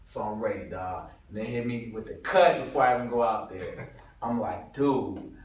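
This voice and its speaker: A man from Detroit tells a story as an interview guest, slangy and animated with frequent laughter. His voice sits at an ordinary middle pitch. He sounds distant from the mic in a very echoey room. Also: normal speed. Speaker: guest comedian.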